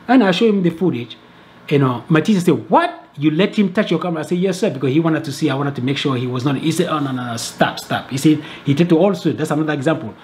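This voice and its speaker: A man telling a travel story to camera, animated and full of restarts and repeated words. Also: on the high side, fast. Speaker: travel video creator.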